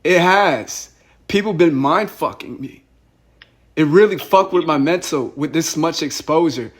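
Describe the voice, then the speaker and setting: A man's voice: fairly high pitch, lively intonation, measured pace, slightly rough. A young man on a phone call, agitated and rambling, who often repeats himself. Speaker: caller.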